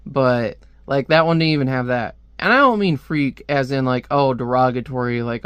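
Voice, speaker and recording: A man's voice: mid-range voice, moderate pace, a bit bright, clear, resonant tone, no room sound. A man casually reviewing a comic book on video, rambling with lots of filler words and restarts, close to the mic at home.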